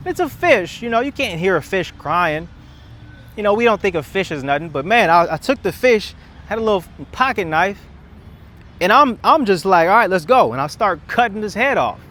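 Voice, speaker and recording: A man's voice: high voice, expressive, moderate pace, sharp tone. Impassioned young man ranting outdoors. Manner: impassioned, emphatic, repeats words and restarts. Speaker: content creator. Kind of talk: casual rambling monologue.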